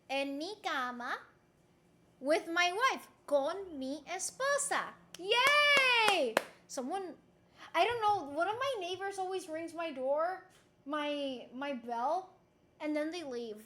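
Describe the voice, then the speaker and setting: A woman's voice: sits high, fairly bright tone. A young woman from Rico, chatting casually with her stream chat in a playful, giggly way and swearing now and then. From Puerto Rico.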